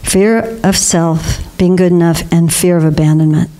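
An older woman, speaking as a guest to a congregation, delivers a spiritual talk built on warm stories and frequent laughter. Her voice is lowish, with fairly even intonation and a moderate pace.

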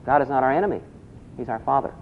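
A man's voice: mid-range voice, fast, slight background noise. A man preaching a sermon, asking the congregation questions and repeating key phrases. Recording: dull lo-fi recording.

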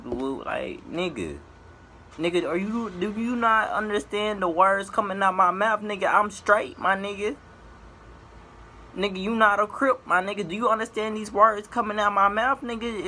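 Bright-voiced man ranting to camera. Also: lively intonation, moderate pace, slight background noise. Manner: profane, exasperated ranting, swinging up and down in pitch. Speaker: vlogger.

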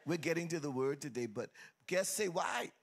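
Speaking at a moderate pace in a slightly high voice, a male pastor preaches a lively call-and-response sermon. He's exuberant and playful, sing-songing his lines and calling out to the congregation, whose faint murmur fills the sanctuary.

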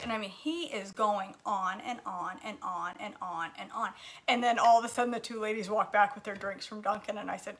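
Middle-aged female vlogger, chatty, animated storyteller, bright and slightly high voice, cooking at home. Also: moderate pace. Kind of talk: casual chat while cooking, reading comments. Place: home kitchen.

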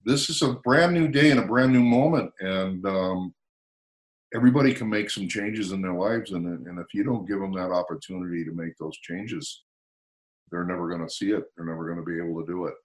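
A man's voice: sits low, fairly quick. An American man in his sixties, a motivational speaker telling stories in a casual conversation and acting out the dialogue. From United States. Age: 60s. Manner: animated storyteller, acts out quoted dialogue.

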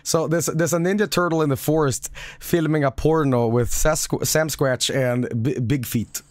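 A man hosting a live stream, giving casual, excitable commentary with plenty of swearing. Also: a little high, normal speed. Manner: excitable, profane, laughs often. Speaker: streamer host.

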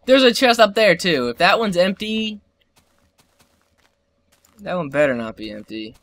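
An excitable young man narrating his own gameplay, his voice leaping wildly between high yelps and low mutters. He talks slowly with a bright, forceful tone, cursing at the game and laughing often. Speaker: gameplay commentator. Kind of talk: solo let's play commentary.

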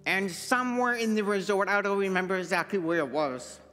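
Faint music plays behind a Manitoba man preaching in a church sanctuary, where he gives an earnest personal testimony as pastor in his deaf, hard-of-hearing accent. His high, bright voice comes out a little fast and forceful, with a big-room sound.

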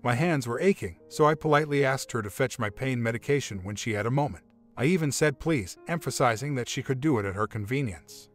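Man storyteller, steady even narration, mid-pitched voice, quiet music under it. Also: a little fast. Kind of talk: read-aloud first-person story narration. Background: faint background music.

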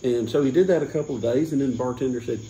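A man's voice: mid-range voice, rapid-fire, mellow. A man rambling through a casual beer-tasting chat, stopping and restarting as he tells a joke. His mid-range voice sounds echoey, with a faint hiss behind it. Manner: rambling, full of restarts and chuckles.

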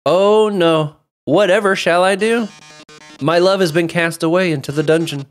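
A man's voice: high-pitched, normal speed, voice pushed up, lightly acted. A man voicing a flamboyant male robot TV star, a theatrical villain who melodramatically drawls "darling" at everyone. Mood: gloating.

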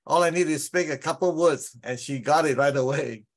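A man's voice: fairly high pitch, fairly quick. Earnest man with roots. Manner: earnest, explains with examples. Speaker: study group participant. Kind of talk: casual group discussion.

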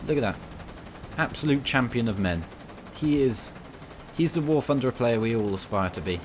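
A man's voice: mid-range voice, expressive, normal speed, noisy background. A young British man playing a tank game and talking through it in rambling, cheeky banter. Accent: British English. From Britain. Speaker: gaming channel host.

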